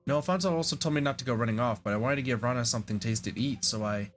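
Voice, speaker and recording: A man's voice: medium pitch, rapid-fire, fairly bright tone, faint music behind, lightly acted. A man reading aloud the lines of a small, frightened, apologetic boy in his own plain voice. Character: small boy, sorry and scared.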